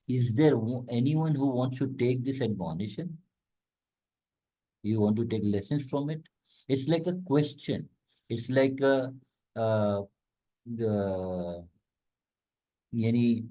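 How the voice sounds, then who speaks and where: A man giving a conversational religious lecture, explaining Arabic words and quickly reciting verses between plain explanations. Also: mid-range voice, warm tone, poor audio. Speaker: Islamic lecturer.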